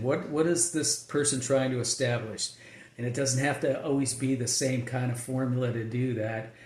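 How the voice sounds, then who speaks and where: A male screenwriter talking casually about his writing process, rambling with lots of fillers and restarts. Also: medium pitch. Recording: echoey room.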